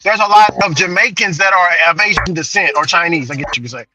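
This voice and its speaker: A man's voice: sits high, fast, music in the background, low-quality recording. A man chatting casually, telling rambling stories full of fillers and restarts. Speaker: delivery driver and show regular. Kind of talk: casual chat. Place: small island town.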